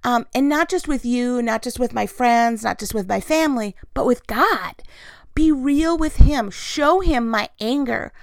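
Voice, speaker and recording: A young woman speaks openly about her faith, confessional and unguarded. Her voice sits a little high with a gravelly edge. The sound is dry and close, with no room around it. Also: expressive, a little slow, no room sound. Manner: candid, confessional, warm storytelling with laughs. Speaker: christian vlogger. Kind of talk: personal devotional talk.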